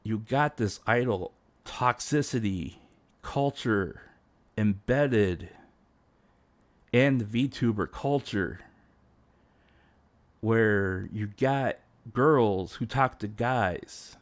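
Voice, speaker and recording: A man's voice: fairly low pitch, very slow, pauses often, no echo. A man streaming as a VTuber, ranting casually with many restarts and fillers. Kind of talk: casual livestream rant.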